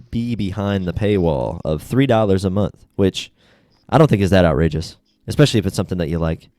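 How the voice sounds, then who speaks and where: A young man hosting a casual podcast, laid-back and blunt, swearing freely and getting animated when he retells stories. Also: fairly low pitch, no echo, studio quality. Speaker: podcast host. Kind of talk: casual chat.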